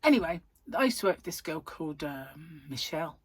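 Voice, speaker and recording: A woman's voice: sits low, sing-song, fairly quick, breathy edge, dry recording. Chatty, yawning woman. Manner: chatty, rambling, giggly storytelling. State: yawning, tired. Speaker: vlogger. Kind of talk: casual chat to camera.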